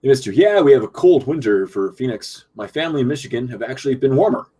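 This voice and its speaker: A man's voice: medium pitch, expressive, quick pace, warm tone, husky. A young man from Canada hosting a casual live stream from his computer at home, reading viewer chat aloud and answering it.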